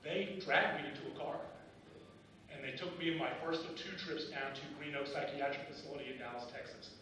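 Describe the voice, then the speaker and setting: Brisk, pushed, and bright, a middle-aged man's steady mid-range voice carries his candid life story through insistent, rising bursts. He's speaking at a benefit dinner, recorded from afar in an echoey banquet hall with slight background noise.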